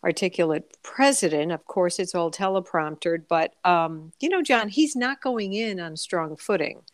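A woman's voice: on the low side, moderate pace, dry recording, studio quality. A woman columnist speaking as a guest on a radio talk show, thoughtful and full of hesitations. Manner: hesitant, many fillers and restarts. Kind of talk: radio interview.

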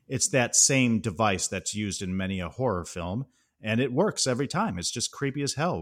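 Animated male podcast host retelling scenes. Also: lowish voice. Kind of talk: casual podcast chat.

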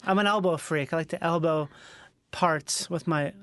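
A man's voice: fairly high pitch, normal speed, a bit bright, no echo, clean studio sound. A man in casual chat, joking drily and rambling through stories.

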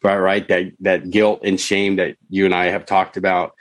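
A man's voice: sits low, monotone, normal speed, dry recording. A middle-aged man telling his own story in conversation, candid and rambling, with many "you know" and "right?" asides. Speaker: podcast guest, author and counselor.

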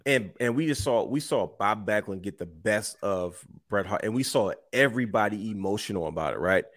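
Man, lower voice, dry recording, casual chat, acts out quotes. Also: fairly quick, dry recording. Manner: animated storyteller, acts out quotes. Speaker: podcast co-host. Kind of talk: casual wrestling talk.

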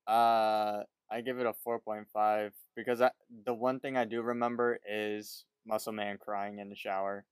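A man co-hosts a casual podcast in a relaxed way, reacting briefly and asking questions about a cartoon episode. His voice is smooth and resonant, and it is recorded close and dry with no room sound. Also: fairly low pitch, moderate pace, hardly any pauses, no echo. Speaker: podcast co-host. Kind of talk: casual cartoon recap chat.

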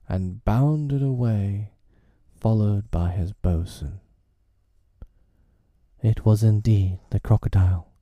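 A man narrating a storybook in a measured, deliberate reading. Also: fairly low pitch, mellow, no echo, studio quality.

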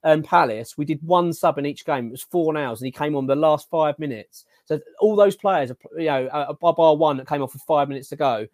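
Fast-talking podcast host, dry mic. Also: male voice, on the high side, no room sound. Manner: animated, ranting, filler-heavy. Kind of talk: casual football chat.

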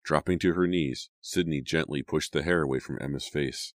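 A man narrating a teen horror audiobook in a steady, dramatic storytelling manner. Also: rumbling low, moderate pace, no room sound, clean studio sound.

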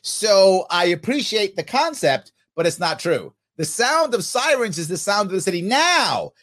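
Sarcastic New man, high and lively. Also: normal speed. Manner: mocking, sarcastic. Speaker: podcast host. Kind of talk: sarcastic political commentary.

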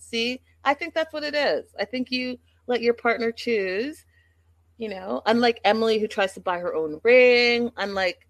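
Her voice sits on the high side and moves at a normal speed, with no echo. As a livestream host, she gossips through a casual recap chat, talking directly to viewers in a chatty way.

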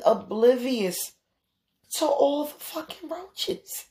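Gravelly-voiced New woman storytelling. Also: normal speed. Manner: animated, profane, acts out quotes with big pitch jumps. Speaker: podcast host. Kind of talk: casual storytelling monologue.

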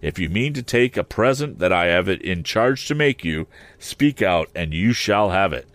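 A man's voice: low voice, expressive, normal speed, fairly bright tone, no echo. A man voicing a brusque, commanding middle-aged lawyer with a clipped delivery. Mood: stern.

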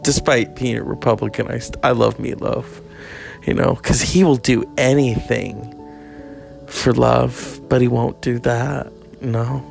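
Guy with a gravelly voice rambling, swearing a lot, reading stuff off websites, some faint music behind. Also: medium pitch. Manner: profane, reads aloud from web pages. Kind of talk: rambling casual monologue.

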